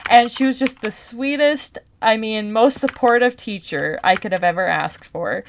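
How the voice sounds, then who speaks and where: A young adult woman telling a story over gameplay, animated and rambling with many restarts while talking straight to her viewers. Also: a little high, normal speed, slight background noise. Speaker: storytelling gamer vlogger.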